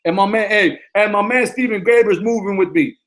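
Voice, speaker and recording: Man, football coach, high-pitched voice, motivational talk, emphatic, repeats himself, slangy. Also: brisk, a bit bright.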